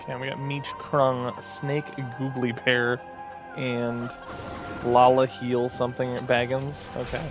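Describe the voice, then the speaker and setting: A man's voice: mid-range voice, completely flat delivery, measured pace, over music. A man giving casual, rambling commentary while playing an online game, full of fillers and asides. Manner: rambling, chatty, many fillers. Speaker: gaming video host.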